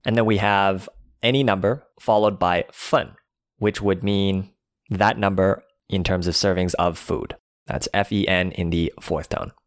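A man's voice: low-pitched, steady tone, a little slow, no echo, studio quality. A man co-hosting a language lesson, explaining vocabulary plainly and spelling each word out.

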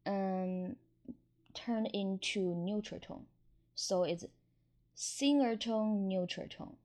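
A woman with a Mandarin Chinese accent, teaching tones slowly and patiently, repeating each word in drills. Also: medium pitch, dark tone. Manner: slow and deliberate, repeating words in drills. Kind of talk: slow, patient pronunciation lesson.

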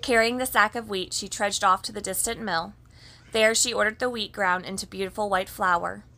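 A woman reading a children's story aloud in an even, gentle storybook manner. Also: medium pitch, normal speed.

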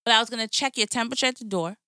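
Bright-voiced woman, joking podcast co-host. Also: fairly high pitch, racing, clean tone, dry recording, clean studio sound. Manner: joking, storytelling, playful teasing. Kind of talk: casual chat.

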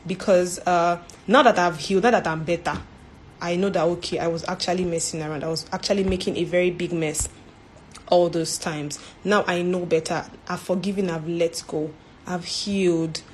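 A woman's voice: lowish voice, fairly even intonation, moderate pace, a little hiss or hum. A woman giving an informal faith talk as a church speaker, earnest, repeating herself and ending points with "right?".

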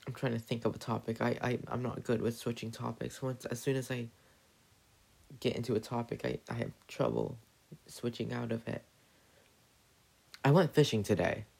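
A man talks slowly in a rough, gravelly voice with a breathy edge. He rambles and stumbles over his words in a profane comedic monologue. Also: medium pitch, steady tone, darkish tone.

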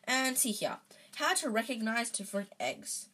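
Gruff kindly giant groundskeeper, rambling, husky, as read by a woman, storybook. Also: on the high side, lively intonation, normal speed, sharp tone, heavily acted. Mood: proud. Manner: hesitant, rambling, proud.

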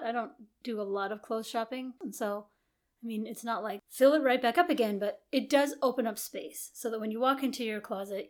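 Reflective woman co-hosting a podcast. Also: a little high. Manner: thoughtful, reflective, talks in long musing sentences. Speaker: podcast co-host. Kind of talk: casual chat.

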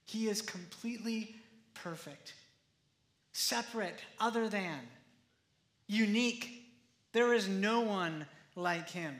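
A man pastor preaching a sermon in a conversational, animated way, often acting out the quotes. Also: high voice, takes it slowly, long pauses, roomy sound.

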